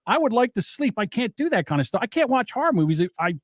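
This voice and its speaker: A man's voice: very high-pitched, big pitch swings, fast talker, no room sound, clean studio sound. A man co-hosting a podcast, ranting in an exasperated way in casual chat.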